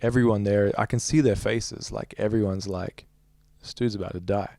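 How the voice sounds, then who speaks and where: Dark-voiced man telling a story. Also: on the low side, steady tone, normal speed, vocal fry, no room sound, clean studio sound. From Australia. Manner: rambling, heavy use of "like". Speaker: musician guest. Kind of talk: casual interview storytelling.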